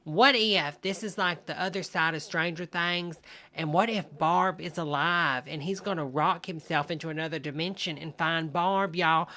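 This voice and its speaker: A woman's voice: deep voice, moderate pace, pushed and bright. A woman hosting a livestream, giving sassy, gossipy comic commentary and calling everyone honey. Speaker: livestream host reacting to a video.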